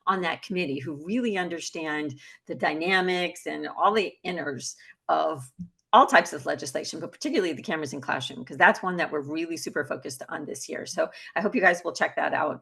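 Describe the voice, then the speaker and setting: Husky-voiced lady on a zoom call, chatty, encouraging. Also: sits low, fast talker, fairly bright tone. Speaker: guest, advocacy group president. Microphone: video call.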